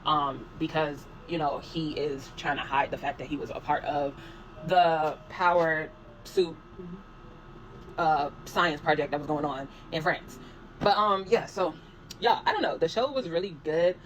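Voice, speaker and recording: A man giving a casual spoken review of a show, rambling in a relaxed, slangy way and filling pauses with "um" and "like". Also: a little high, a little hiss or hum, low-quality recording. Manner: rambling, filler-heavy, with frequent "um" and "like"; slangy and laid-back.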